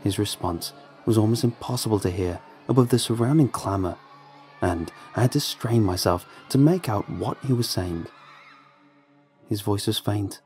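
A man reading a horror story aloud as a scripted narration, with measured, tense storytelling. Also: fairly low pitch, a little mellow, faint music behind.

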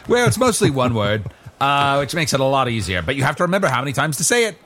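A man's voice: medium pitch, very animated, fast talker, a bit bright, a little hiss or hum. A man playing a hammy actor who declaims melodramatic monologues in an improv comedy scene. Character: hammy male actor doing dramatic monologues.

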